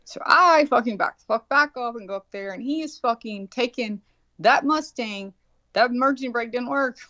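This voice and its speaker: Swearing freely, this fortysomething woman rambles through a casual story and performs each person's quotes with animation. She speaks at a moderate pace in a fairly high pitch, captured dry and lo-fi with a dull tone and no room sound.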